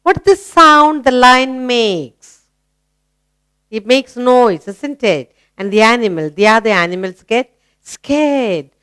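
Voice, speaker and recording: A woman with an Indian English accent teaching a children's English lesson, asking simple questions and praising answers in a slow, encouraging sing-song. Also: a little high, lively intonation, fairly bright tone, clean tone.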